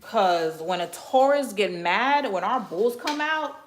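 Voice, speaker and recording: A woman's voice: mid-range voice, slow pace, background noise. A woman from Miami with a Caribbean-American accent, chatting bluntly and profanely on a livestream while she cleans. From Miami, Florida. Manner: blunt, profane, animated storytelling. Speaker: livestream host.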